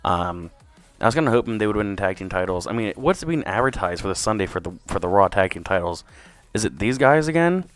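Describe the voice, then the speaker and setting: A man's voice: lowish voice, fast, faint music behind. A young man hosting a wrestling podcast, rambling through a casual review with lots of swearing and fillers. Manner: rambling, profane, excitable. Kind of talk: casual solo review commentary.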